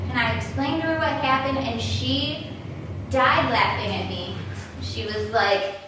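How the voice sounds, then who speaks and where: High-voiced young woman telling a story, echoey room. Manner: laughing, self-mocking, animated. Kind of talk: live story slam monologue. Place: small event space before a live audience. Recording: very echoey room, mic far off, faint noise.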